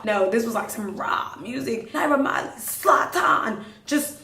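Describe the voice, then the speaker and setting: A woman's voice: medium pitch, normal speed, hardly any pauses. A young woman podcast host telling a wild story casually, acting out the quotes. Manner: animated, dramatic retelling with acted-out quotes. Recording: roomy, distant mic.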